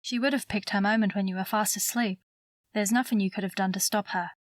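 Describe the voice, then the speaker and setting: A woman's voice: medium pitch, fairly even intonation, a little fast, no room sound, natural voice. A woman voicing a worried but firm woman in an audiobook, close to her own voice. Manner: firm and urgent.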